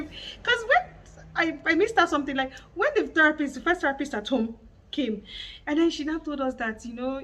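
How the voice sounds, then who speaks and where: A Nigerian woman telling a casual, animated story to her vlog audience and acting out her child's cries. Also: high-pitched, far from the mic, low-quality recording. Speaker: mother and vlogger.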